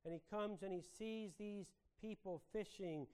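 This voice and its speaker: A man's voice: high-pitched, measured pace, dark tone, clean tone, rough recording. A man preaching a sermon to a congregation, earnest and full of rhetorical questions.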